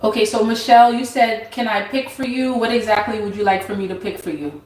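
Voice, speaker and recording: A woman hosting a casual tarot livestream, reading viewers' names from the chat and answering them in an unhurried way. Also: a little high, darkish tone, roomy sound, recorded from a distance, slight background noise, poor audio. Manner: unhurried, reads chat names aloud, laughs easily.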